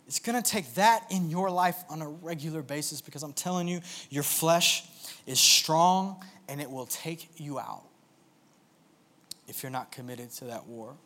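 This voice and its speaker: A young man preaching and telling a personal story in an earnest, confessional way, often halting and restarting. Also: fairly high pitch, fairly bright tone. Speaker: worship pastor.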